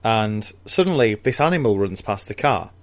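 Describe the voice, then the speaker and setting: Man, lowish voice, casual book chat, laughs a lot, playful retelling. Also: expressive, moderate pace. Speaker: podcast co-host.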